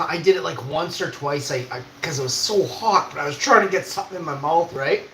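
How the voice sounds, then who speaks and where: A man's voice: a little high, fairly quick, sharp tone. A young man from Canada who streams, telling a rambling casual story, swearing and acting out quoted voices. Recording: echoey room with faint noise.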